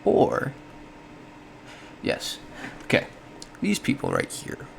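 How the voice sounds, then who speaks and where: A man's voice: slow pace, slight background noise. A man giving a casual explanatory monologue, thinking aloud with frequent self-corrections and small laughs. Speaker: solo podcast host.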